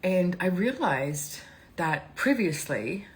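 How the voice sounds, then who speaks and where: A woman's voice: lowish voice, big pitch swings, takes it slowly, low-quality recording. A woman hosting a live stream, talking in a rambling, candid and emotional way, teary and laughing often. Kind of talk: casual live-stream talk.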